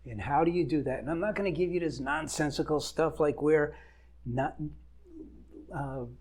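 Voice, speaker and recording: A man's voice: on the high side, moderate pace, a little mellow. An older man, a marriage coach, giving earnest advice straight to camera and stressing his points with long lists.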